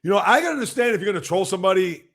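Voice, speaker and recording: A man hosts a casual sports livestream in a raised, gravelly voice. He rambles and fires off rhetorical, exasperated questions. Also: high voice, expressive, rapid-fire, a bit bright.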